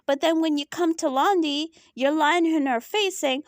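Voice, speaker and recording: A woman reviewing a reality TV episode in animated casual commentary, often asking "right?". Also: sits high, normal speed, no room sound, studio quality.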